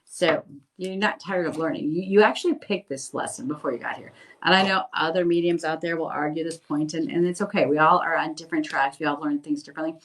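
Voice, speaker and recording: Low-voiced woman chatting on a livestream. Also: fast talker, poor audio. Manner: chatty, reads viewer comments aloud, reassuring. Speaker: medium doing live readings. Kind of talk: casual livestream chat. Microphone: phone.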